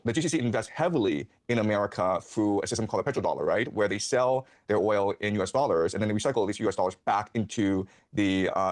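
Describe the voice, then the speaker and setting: A man as a guest commentator giving political analysis, starting hesitantly and then explaining fluently. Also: lowish voice.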